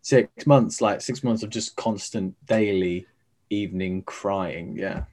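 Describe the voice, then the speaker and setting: A man's voice: lowish voice, takes it slowly, darkish tone. A man, a stage actor, chatting as an interview guest over a video call, rambling with many fillers and restarts.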